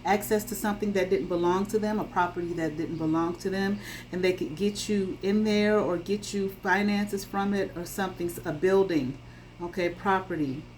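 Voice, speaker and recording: A woman's voice: lowish voice, steady tone, normal speed, darkish tone, slight background noise, low-quality recording. Emphatic woman giving a tarot reading. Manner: emphatic, checks in with frequent "okay?"; blunt, swears freely. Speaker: tarot reader. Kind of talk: casual spoken tarot reading.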